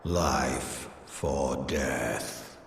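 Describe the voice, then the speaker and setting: An actor playing a grim, menacing male villain, speaking slowly in a gravelly voice, from game audio. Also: rumbling low, slight background noise, exaggerated voice. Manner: slow, drawn-out, grim. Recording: game audio with cavernous reverb, faint ambience.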